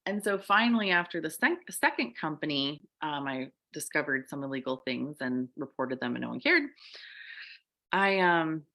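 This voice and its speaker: A woman co-hosting a podcast as a coach, telling her story in casual chat and acting out the quoted voices. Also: moderate pace. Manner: animated, acts out quoted voices with big pitch jumps.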